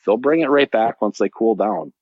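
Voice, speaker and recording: A man's voice: medium pitch, moderate pace, no room sound, narrow, tinny audio. A man, a shop owner, casually telling a story on a podcast and acting out the dialogue. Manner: animated, acts out quoted dialogue.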